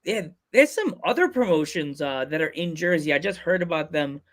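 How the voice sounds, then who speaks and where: A man's voice: a little high, expressive, moderate pace. A man from Pennsylvania hosting a casual podcast interview, joking and laughing often. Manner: playful, laughs often, jokey voices. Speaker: podcast host.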